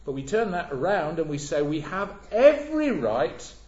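A man preaching a sermon, measured and emphatic, leaning on repeated words. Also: fairly high pitch, sing-song, darkish tone. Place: church. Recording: echoey church, dull lo-fi sound.

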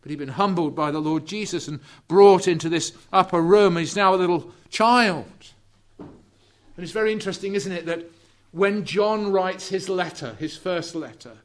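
A man preaching a sermon, slow and deliberate, drawing out key words and dropping to a hush for emphasis. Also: high voice. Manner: drops to hushed, quiet emphasis on key words.

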